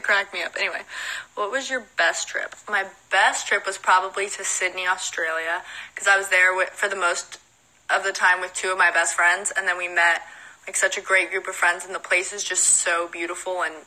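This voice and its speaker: Bright, giggly Southern young woman. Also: medium pitch, poor audio. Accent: Southern American. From Southern United States. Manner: chatty, giggly, reads questions aloud then answers. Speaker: model and musician answering fan questions. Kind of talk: casual livestream Q&A. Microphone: phone.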